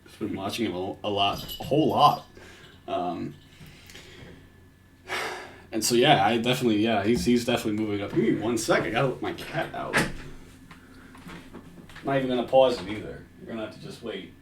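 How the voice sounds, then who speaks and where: A man's voice: fairly low pitch, brisk, pauses often, slight background noise. A man giving crude, casual reaction commentary from home, swearing and laughing often.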